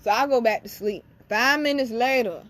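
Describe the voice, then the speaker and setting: Speaking at a normal pace with a fairly high pitch, a young woman who runs her own channel as a spiritual reader tells a personal story to the camera. She's blunt and candid, swears freely, and addresses her listeners directly as "y'all."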